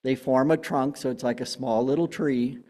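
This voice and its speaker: A man's voice: medium pitch, fairly even intonation, normal speed, warm tone. A man giving a casual public talk on plants, chatty with many fillers and restarts. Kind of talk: public gardening talk with slides. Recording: long hall reverb.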